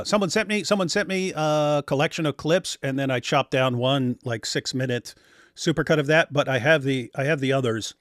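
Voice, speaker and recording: A man's voice: mid-range voice, dry recording, clean studio sound. A man giving casual reaction commentary on clips, sarcastic and given to mimicking others.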